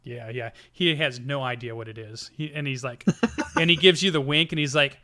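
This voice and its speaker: A man narrating as game master of a tabletop game, rambling and animated with many restarts. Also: mid-range voice, normal speed.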